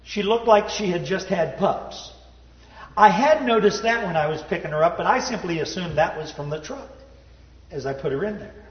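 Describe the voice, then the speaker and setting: A man telling a personal story in a sermon, folksy and self-deprecating, dropping to a low hush at the sad parts. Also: lively intonation, normal speed. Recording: roomy hall reverb, dull sound.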